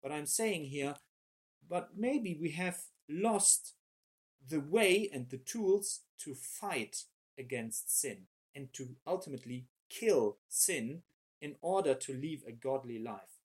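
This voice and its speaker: Husky, animated male preacher. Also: on the high side, slow. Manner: animated, repeats words while searching for phrasing. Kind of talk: sermon.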